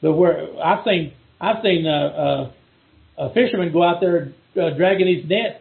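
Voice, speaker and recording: Texan man, middle-aged guest, gravelly, rambling with restarts, phone-thin audio. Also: fairly high pitch, moderate pace, phone-quality sound. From Texas. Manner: rambling, many restarts and repeated words. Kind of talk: casual chat over a call.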